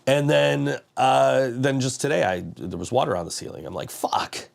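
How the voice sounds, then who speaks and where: A man's voice: medium pitch, expressive, moderate pace, creaky. A man hosting a podcast, telling a rambling story in casual chat, laughing often and swearing freely. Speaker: podcast host.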